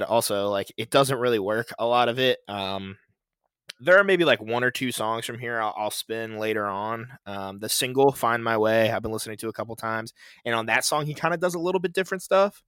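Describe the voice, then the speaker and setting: Two podcast hosts chat casually about new music, and this man, with a medium-pitched, slightly bright voice, rambles along with fillers and laughs as he talks. The recording is dry, clean, and studio quality.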